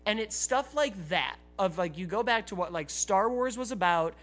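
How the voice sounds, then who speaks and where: A man's voice: high-pitched, lively intonation, moderate pace, fairly bright tone. A man co-hosting a podcast, speaking earnestly and heartfelt, with frequent restarts. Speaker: podcast co-host. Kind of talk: casual podcast chat.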